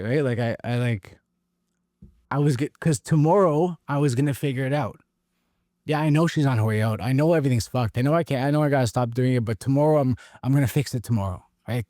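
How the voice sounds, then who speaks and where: A man from Canada candidly telling his recovery story in an interview, halting and emotionally raw. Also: fairly low pitch, darkish tone, no room sound, studio quality. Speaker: guest sharing recovery story.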